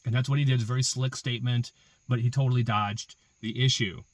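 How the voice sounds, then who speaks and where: A man's voice: medium pitch, steady tone, fast, no room sound. A man hosting a political commentary show, arguing an opinion with emphatic repetition and rhetorical questions. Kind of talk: opinion monologue.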